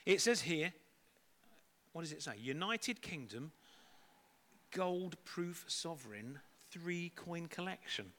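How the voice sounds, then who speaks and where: Upbeat middle-aged man, high bright voice, jokey children's talk leader. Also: expressive, takes it slowly, long pauses, slight background noise. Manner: playful, chatty, jokey.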